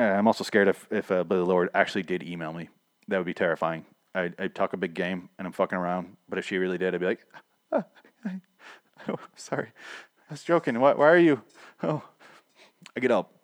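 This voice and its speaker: A man hosting a casual solo podcast, rambling excitedly with stammering restarts and swearing freely as his voice starts to go hoarse. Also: lowish voice, no echo, studio quality. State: voice going hoarse. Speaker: podcast host.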